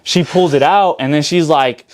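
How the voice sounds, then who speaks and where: Man, young adult, interview guest, casual podcast chat, slangy, profane, slightly high voice. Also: normal speed. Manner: casual, slangy, heavy swearing.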